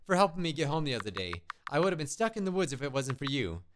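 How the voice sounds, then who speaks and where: A man's voice: a little high, very animated, fast, background noise. A man reading the lines of a shy, innocent young scarecrow boy, in an earnest way. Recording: game music behind.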